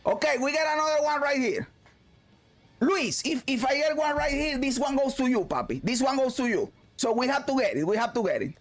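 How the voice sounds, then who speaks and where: A man streaming a video game, commenting loudly, swearing and shouting at the game. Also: very high voice, lively intonation, a little fast, soft background music. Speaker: gaming streamer. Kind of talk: excited gameplay commentary.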